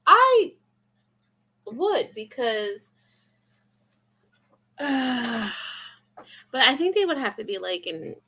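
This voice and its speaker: A woman's voice: a little high, sing-song, takes it slowly, pauses often, fairly bright tone, husky. A young woman vlogger in casual, rambling, confessional chat full of fillers.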